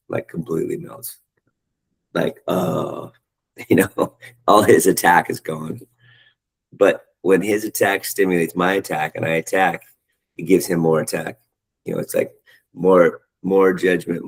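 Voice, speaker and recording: A middle-aged man leading a casual spiritual study group over a video call, talking in an animated, rambling way and searching for words. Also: low-pitched, gravelly, husky, low-quality recording.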